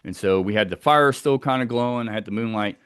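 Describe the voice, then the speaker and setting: A man's voice: lowish voice, quick pace, fairly bright tone, clean tone, no echo, studio quality. A man telling a tense first-person story of a wilderness encounter, acting out the sounds as he goes.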